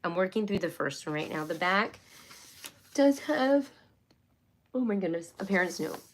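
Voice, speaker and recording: A woman's voice: medium pitch, expressive, normal speed, a little hiss or hum. A woman hosting a casual homeschool live stream, chatty and rambling, with many fillers and restarts. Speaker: homeschool livestream host.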